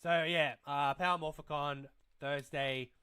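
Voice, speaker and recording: A man's voice: fairly high pitch, steady tone, a little slow, bright, forceful tone, clean tone. A young man hosting a casual toy livestream, rambling and swearing freely as he reads chat aloud. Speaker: livestream host.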